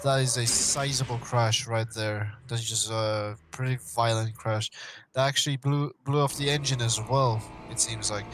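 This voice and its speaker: A man commentating a live sim race, excitable and full of fillers and exclamations. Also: mid-range voice, moderate pace, background noise.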